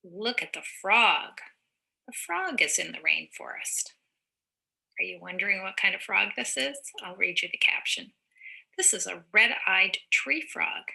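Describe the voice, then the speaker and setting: A woman reads a picture book aloud to young children in a slow, encouraging teacher's voice. Her tone is very bright and forward, with a gravelly fry running through it. She pauses now and then to explain words in simple terms. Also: mid-range voice, animated.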